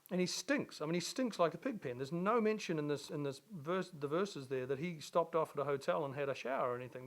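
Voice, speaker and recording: A man preaching a sermon as an earnest storyteller who often restarts his phrases. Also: a little high. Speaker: pastor.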